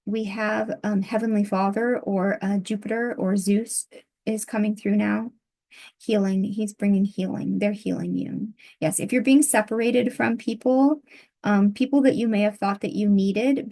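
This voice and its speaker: A woman giving a channeled tarot reading, speaking in a soft, halting way with many pauses and fillers, her voice getting worn. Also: medium pitch. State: losing her voice. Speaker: tarot reader.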